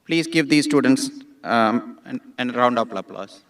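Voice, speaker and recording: Man reading graduate names in a measured voice at an outdoor ceremony, from a distant microphone. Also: medium pitch, animated, noisy background. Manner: measured, reads names slowly with small restarts. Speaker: associate dean announcing graduates.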